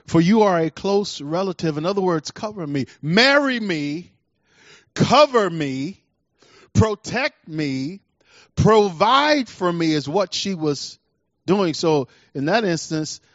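A man preaching a sermon as a pastor, swinging between fervent declarations and hushed asides. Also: high voice, animated, slow pace, no echo, dull audio.

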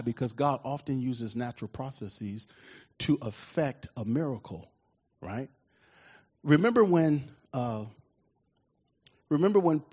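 A man preaching a sermon in an animated way, often asking the congregation questions, with a husky voice. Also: mid-range voice. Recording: dull lo-fi recording.

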